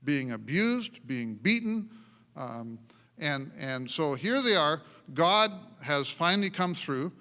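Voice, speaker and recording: Male pastor, animated sermon storyteller, bright tone, echoing church sanctuary. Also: a little high, slow. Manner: animated storytelling with frequent laughs and restarts. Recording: long church hall reverb.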